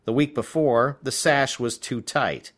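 A man narrating a novel as an audiobook in an expressive storytelling manner. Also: mid-range voice, a little slow.

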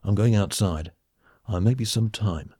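A man's voice: on the low side, a little slow, warm tone, no echo, clean studio sound. A man voicing a pompous, blustering male space captain in an audiobook, with a bluff, clipped, commanding manner. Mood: exasperated.

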